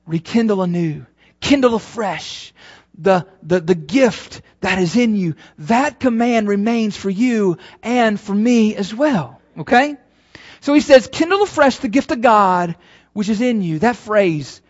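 A man preaches to his congregation in an emphatic, call-and-response manner. He swings from fired-up peaks down to quiet, earnest pleading. The sermon recording sounds a little dull and lo-fi. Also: very high-pitched. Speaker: pastor. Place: church service.

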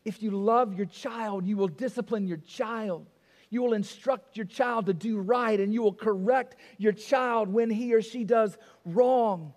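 High-voiced pastor in a reverberant hall. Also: male voice, a little slow, darkish tone. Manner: emphatic, repeats key phrases, asks the congregation rhetorical questions. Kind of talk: sermon.

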